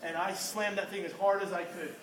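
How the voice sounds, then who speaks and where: A young youth pastor with a high, brisk voice preaches a storytelling sermon to a youth group, animated and laughing as he quizzes his listeners. It's recorded in a hall with a live audience, sounding roomy, distant and noisy, with a crowd in the background.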